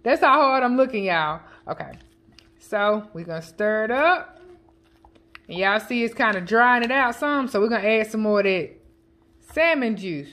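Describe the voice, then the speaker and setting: A woman chatting casually as a home cooking vlogger, counting her seasoning shakes out loud and joking with family off camera. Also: medium pitch, lively intonation, normal speed. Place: home kitchen. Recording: kitchen clatter of dishes and utensils.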